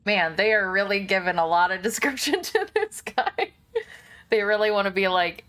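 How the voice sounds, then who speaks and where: A woman's voice: mid-range voice, very animated, unhurried, a bit bright. A woman streamer chatting casually, laughing often and swearing, as she reads game text aloud.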